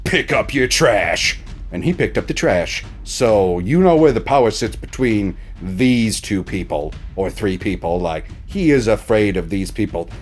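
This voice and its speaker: A man's voice: fairly low pitch, lively intonation, normal speed, hardly any pauses, a little mellow, soft background music. A man recapping a TV episode in a casual, profane, exasperated way. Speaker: TV reaction reviewer.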